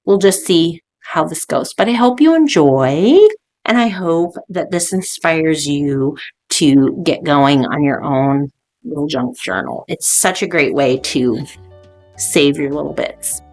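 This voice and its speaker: A woman's voice: sits low, animated, slow pace, darkish tone, faint music behind. A woman craft vlogger talking through her supplies in easygoing, casual chat full of "um" fillers. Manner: chatty, easygoing, many "um" fillers. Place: home craft studio.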